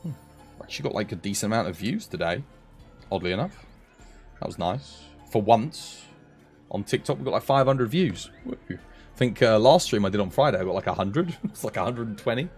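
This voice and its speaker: A British man streaming a game, chatting in a relaxed way with his viewers while tired and dry in the throat. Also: lowish voice, a little fast, soft background music. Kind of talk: live game stream commentary.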